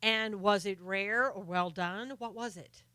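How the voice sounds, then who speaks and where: A woman's voice: medium pitch, a little slow, sharp tone, smooth, dry recording. A middle-aged woman hosting a live stream, chatting casually and sarcastically about politics while greeting viewers by name.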